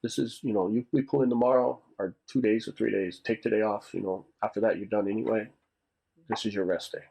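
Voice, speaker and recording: A man's voice: on the low side, fairly even intonation, fairly quick, gravelly, mellow, slightly rough. A middle-aged man casually recounting a story, rambling and repeating himself as he acts out what people said. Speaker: military storyteller, channel host. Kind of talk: casual spoken anecdote.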